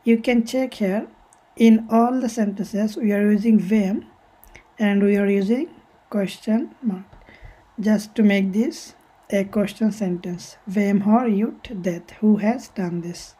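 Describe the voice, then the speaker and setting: A woman's voice: mid-range voice, slow, dark tone, husky, low-quality recording. A woman teaching a language lesson step by step, patiently repeating each example and translating it, sometimes correcting herself.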